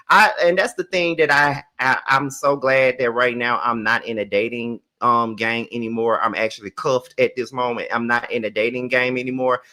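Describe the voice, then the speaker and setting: A man giving a casual, profane recap of a TV episode, with lots of fillers and swings between loud outbursts and quiet asides. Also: medium pitch. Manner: chatty and profane, with many fillers. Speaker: TV show reviewer.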